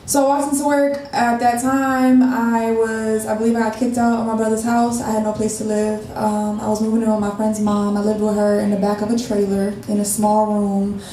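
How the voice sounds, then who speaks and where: A woman in her twenties, a guest spoken word artist, telling a candid personal story in an animated way and acting out the dialogue. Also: mid-range voice, normal speed, hardly any pauses. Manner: animated, acts out quoted dialogue. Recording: echoey room, mic far off, faint noise.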